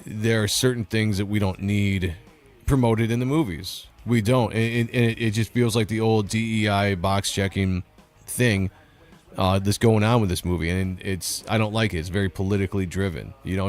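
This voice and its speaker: A man's voice: on the low side, fairly even intonation, moderate pace. A man hosting a casual livestream, reading chat comments and giving blunt opinions. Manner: blunt, opinionated, laughs often. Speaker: host reading live chat.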